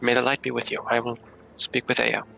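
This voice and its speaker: A man's voice: mid-range voice, completely flat delivery, brisk, vocal fry, pushed and bright, a little hiss or hum, rough recording. A man playing a polite, earnest cleric character in a tabletop game. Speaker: player.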